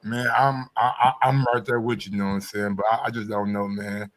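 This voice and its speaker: A man's voice: on the low side, steady tone, fairly quick. A man hosting a casual boxing chat, slangy and prone to stammering and repeating words. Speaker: sports show host.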